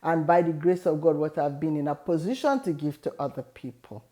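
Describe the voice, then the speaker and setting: A middle-aged woman speaks in a low, mellow voice as she hosts her own advice video. She talks earnestly, drawing on a personal story to encourage her listeners. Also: fairly even intonation, brisk. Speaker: host giving advice. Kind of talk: motivational talk.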